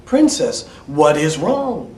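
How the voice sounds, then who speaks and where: Man doing eager talking frog, storybook voice, slow and emphatic, a bit high, heard from across a room. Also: sing-song, darkish tone, a little hiss or hum. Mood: calling. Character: talking male frog from a fairy tale, eager. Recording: echoey room, mic at a distance.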